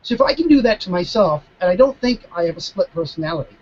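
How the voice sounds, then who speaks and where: A man, a mentalist guest, chatting casually over a video call, animated and stopping to restart his sentences. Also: high-pitched, fast, slightly rough, muffled recording. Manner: animated, acting out dialogue, frequent restarts. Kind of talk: casual storytelling Q&A.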